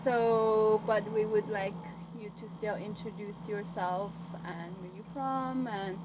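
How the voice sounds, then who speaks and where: A woman's voice: mid-range voice, steady tone, takes it slowly. A young woman hosting a campus radio show, friendly and a little hesitant, with many fillers. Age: young adult. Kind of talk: casual radio interview. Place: college radio studio. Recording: noisy background.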